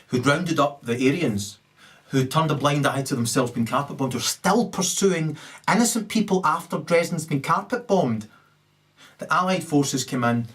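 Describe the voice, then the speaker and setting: A man talks straight to camera in a long, rambling rant. His voice sits at an ordinary middle pitch but leaps up loud and high in bursts, then sinks into low mutters. He swears freely and keeps checking in with "right?". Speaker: solo video commentator.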